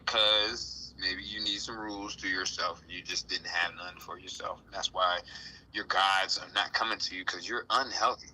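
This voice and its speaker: Guy w a bright voice talking spiritual stuff, playful, does little voices, kinda low pitched. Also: normal speed, poor audio. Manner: animated, playful, acts out voices. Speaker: guest speaker. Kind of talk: casual spiritual talk.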